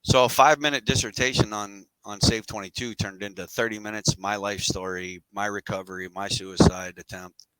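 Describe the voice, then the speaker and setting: A man's voice: fairly low pitch, fairly even intonation, normal speed, bright, forceful tone, clear, resonant tone, dry recording, poor audio. A middle-aged man telling his story as a podcast guest, candid and rambling with casual slang.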